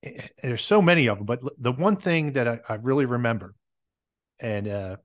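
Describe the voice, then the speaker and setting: A man from New Jersey with a New Jersey accent, a business owner telling lively stories as a podcast guest. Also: medium pitch, normal speed. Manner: lively anecdotal storyteller. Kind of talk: casual interview storytelling.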